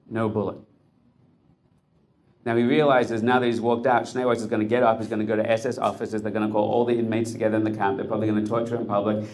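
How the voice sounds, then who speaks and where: A man's voice: fairly low pitch, darkish tone, a little hiss or hum. Man telling a story with intense suspense. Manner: intense, building suspense in short punchy phrases. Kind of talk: dramatic storytelling.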